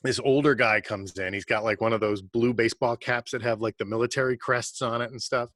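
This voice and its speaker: A man tells a casual, animated story as a guest on a video call. His voice is bright and quick, and he says "like" often. The sound is dry and close. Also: medium pitch, dry recording. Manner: animated, fast-paced storyteller who uses lots of "like".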